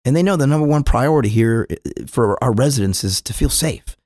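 A man's voice: mid-range voice, lively intonation, fairly quick, darkish tone, dry recording, studio quality. A middle-aged man from California, a police chief answering podcast questions earnestly, often restarting and repeating words. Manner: earnest, repeats words when starting sentences.

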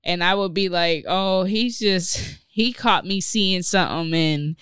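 A young woman hosts a casual podcast chat in a lowish, smooth voice. She tells stories with lots of slang and acts out what people said. The sound is dry and close. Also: a little slow, no echo. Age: young adult. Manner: animated storyteller, acts out quotes, profane slang. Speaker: podcast host.

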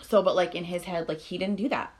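Woman, podcast co-host, low-pitched, casual true-crime chat, filler words, swearing. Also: steady tone, fairly quick. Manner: filler-heavy, swears freely, laughs often.

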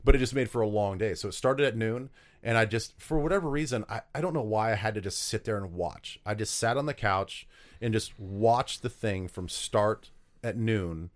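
A man with a fairly low voice speaks at a normal pace. He's a former pro football player from South Dakota, telling stories in an interview and rambling with plenty of fillers and restarts.

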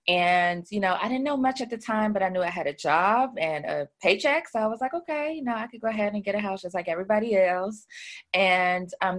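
A woman who runs a credit repair business chats casually as an interview guest, telling her story with lots of fillers. Her voice is fairly low in pitch and a bit bright.

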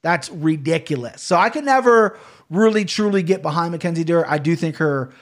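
A man's voice: on the high side, animated, a little fast. A man hosting a podcast, chatting casually in a rambling, profane way. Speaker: podcast host. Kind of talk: casual chat.

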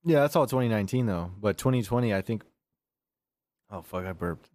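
A man's voice: on the low side, expressive, brisk, a little mellow, no room sound. A man in his forties, a podcast co-host, rambling loosely and swearing in casual chat.

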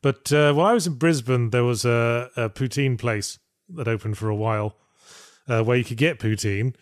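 A man's voice: mid-range voice, moderate pace, dry recording. A man co-hosting a casual podcast chat, talking with dry, wry humor. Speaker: podcast co-host.

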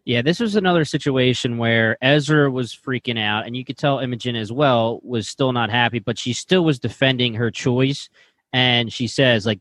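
A man's voice: medium pitch, moderate pace, fairly bright tone, no echo. A man co-hosting a casual podcast, laid-back, using casual slang. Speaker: podcast co-host. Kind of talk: casual chat.

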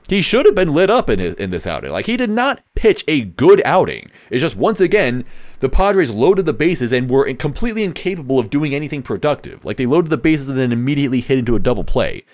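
With a mid-range voice and no echo, a man delivers a relaxed one-man baseball podcast from a fan's perspective. He wanders from point to point, fixes his own slips, and keeps his humor dry.

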